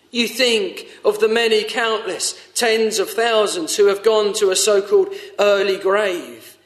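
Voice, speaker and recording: A man's voice: sits high, roomy sound. A man preaching a sermon, earnest and pleading, rising to urgent appeals. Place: church.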